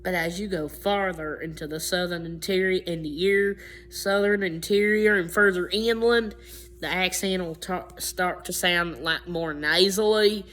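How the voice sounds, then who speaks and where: Slow, rambling woman with a low voice. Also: a bit bright. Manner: rambling, with frequent restarts and self-corrections. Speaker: vlogger explaining accents. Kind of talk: unscripted explainer talk.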